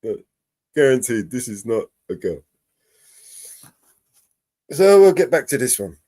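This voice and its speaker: Sarcastic male streamer, animated swooping delivery, dry close sound. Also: mid-range voice, a little slow, no room sound. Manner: sarcastic, laughing, swearing. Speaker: live stream host. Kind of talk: casual live stream commentary.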